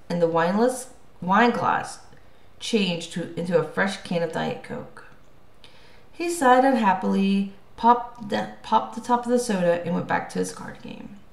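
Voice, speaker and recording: A woman tells a first-person story aloud with lively pacing and expression. Her voice sits at a middle pitch for a woman. The recording carries a noticeable roomy echo. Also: measured pace, creaky. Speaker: audiobook narrator. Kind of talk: first-person audiobook narration.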